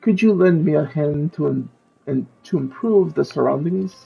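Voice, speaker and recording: A man voicing a cheerful, courtly French male candelabra from a game, with an attempted French accent and a gravelly voice. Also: a little high, moderate pace, narrow, tinny audio, soft background music, exaggerated voice. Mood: courteous. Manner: courtly, gallant, theatrical.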